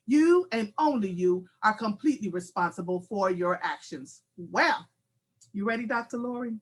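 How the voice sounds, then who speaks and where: A woman in her forties hosting a live talk show, telling a candid, animated personal story with frequent laughter. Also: a little high, husky. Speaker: host.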